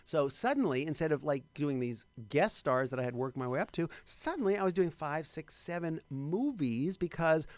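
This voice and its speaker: A middle-aged actor from Long Island, telling lively self-deprecating anecdotes in a casual interview. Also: male voice, on the high side, normal speed, hardly any pauses, no echo. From New York, Long Island. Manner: animated, self-deprecating, acts out voices in anecdotes. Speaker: actor guest.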